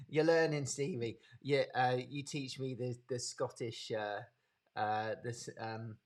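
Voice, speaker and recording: Over a live webinar, a Brummie-accented man from the Midlands talks through anatomy in an informal, leisurely way, welcoming people by name as they join. He speaks at a middle pitch with an even, steady tone and a conversational feel.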